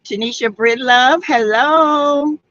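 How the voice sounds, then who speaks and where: A woman from South Carolina with a Southern US accent hosts a casual livestream, chatting away and greeting viewers by name as she reads their comments. Her voice sits high and a bit bright, and she talks slowly. The recording is dry, with the highs cut off.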